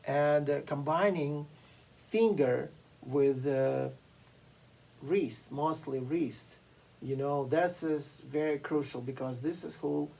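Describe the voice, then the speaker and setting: A piano teacher giving a masterclass lecture, explaining slowly and deliberately with frequent fillers and pauses. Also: medium pitch, creaky, dark tone, poor audio. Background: occasional piano playing.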